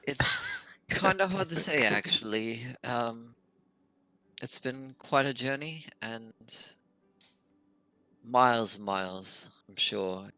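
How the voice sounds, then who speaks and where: A man playing a wizard in a tabletop game, talking in character in an earnest, halting, curious way. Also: medium pitch, expressive, bright, forceful tone, no room sound, soft background music. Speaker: player. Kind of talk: in-character tabletop role-play.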